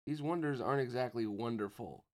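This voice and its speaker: A man voicing a restless teenage boy who grumbles and gets excited easily. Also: mid-range voice, brisk, lightly acted. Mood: grumbling. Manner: complaining, excitable.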